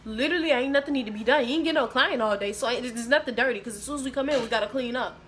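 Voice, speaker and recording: A young woman tells a story to her camera in a lively, slangy way, slipping into the voices of other people as she goes. Her voice sits on the higher side, with a faint hiss of noise under it. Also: rapid-fire. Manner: animated slangy storytelling, acts out others' lines. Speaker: vlogger. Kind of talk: storytime vlog.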